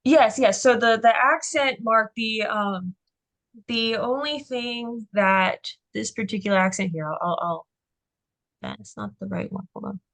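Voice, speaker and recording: A woman tutor leads a Greek reading session, speaking slowly and with plenty of fillers. She talks in an encouraging way, reassuring students as they try words aloud. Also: a little high, a bit bright. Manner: encouraging, unhurried, with frequent fillers.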